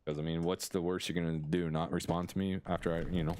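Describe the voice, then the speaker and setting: A man's voice: low-pitched, moderate pace, a little hiss or hum. A young American man chatting casually on a live stream through a headset. He rambles, restarts his sentences and laughs often. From United States.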